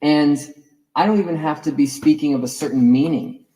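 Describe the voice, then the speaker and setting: A man's voice: on the high side, brisk, mellow, low-quality recording. A man giving a reflective, digressive lecture as a course teacher, musing over the roots of words.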